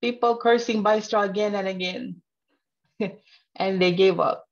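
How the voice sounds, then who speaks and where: A woman's voice: mid-range voice, fairly even intonation, measured pace, muffled recording. A woman teaching a live trading webinar in a playful, teasing way, talking straight to her viewers and laughing often. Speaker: trading instructor.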